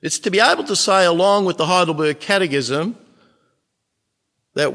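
A man preaching a sermon as a pastor, earnest, with emphatic pauses and swells in volume. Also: high-pitched, fairly bright tone. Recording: long reverb of a large hall.

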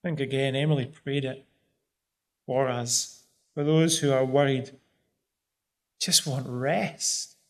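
A man's voice: medium pitch, steady tone, takes it slowly, pauses often. A man preaching a sermon in an earnest, pleading way, pressing hard on key phrases.

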